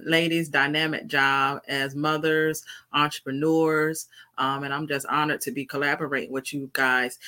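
A woman and mother on a panel, speaking in a measured way with many hesitant fillers. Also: low-pitched, sharp tone. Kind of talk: encouraging panel talk.

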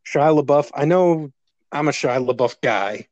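A man co-hosting a podcast, chatting casually about a movie, relaxed, laughing often and swearing now and then. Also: a little high, measured pace, no echo, dull audio. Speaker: podcast co-host. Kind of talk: casual movie review chat.

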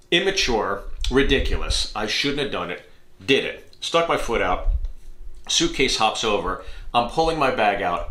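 A man, a comedian hosting his own podcast, telling a story in an animated way, acting out voices and laughing at himself. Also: mid-range voice. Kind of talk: storytelling monologue. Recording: echoey room.

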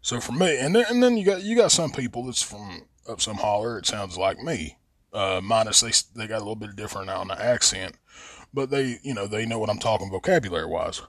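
This West Virginia podcast host talks in a fairly low, expressive voice at a brisk clip, and the recording is dry. With a Southern Appalachian accent, he rambles and cusses freely through a casual profane monologue, drawling and stretching his vowels into a close mic.

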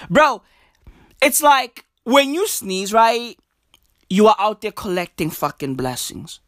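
A woman doing a profane, slang-filled comedic rant, repeating her catchphrases and slipping into soft mock-polite asides. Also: medium pitch, very animated, slow, no room sound, clean studio sound.

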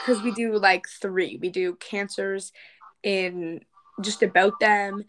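Woman podcast co-host, middle-pitched, casual chat and reading aloud over a remote call. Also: steady tone, a little slow, fairly bright tone, soft background music, rough recording. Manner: chatty, reads astrology text aloud. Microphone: remote call recording.

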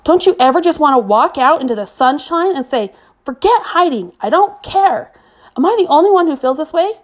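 A woman's voice: high voice, expressive, a little fast, pitched above the performer's own voice. A woman voicing a fierce, passionate teenage girl who speaks intensely and indignantly. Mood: frustrated.

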